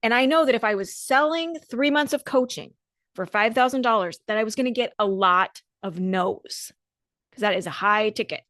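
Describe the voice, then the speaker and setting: A woman's voice: a little high, normal speed, a bit bright, no room sound, studio quality. A woman dance coach hosting a solo podcast, talking in an earnest, motivational way with emphatic repetition.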